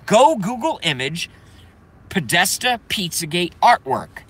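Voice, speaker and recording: A man hosting a live stream, ranting in a profane, heated way that swings between loud outbursts and muttering. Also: on the high side, sing-song, measured pace. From Boston, Massachusetts.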